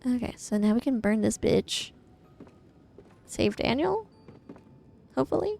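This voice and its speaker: A woman's voice: on the high side, big pitch swings, a little slow, creaky, long pauses, dark tone, faint music behind. A young woman from the American Midwest, chatting casually and rambling while she streams a game from home, swearing freely and laughing often. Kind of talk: casual live-stream chat while gaming. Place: home, indoors.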